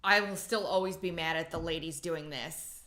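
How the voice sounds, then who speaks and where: A woman hosting a podcast, talking in an emphatic, animated way in a casual chat. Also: low voice, moderate pace. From Italian heritage. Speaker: podcast host.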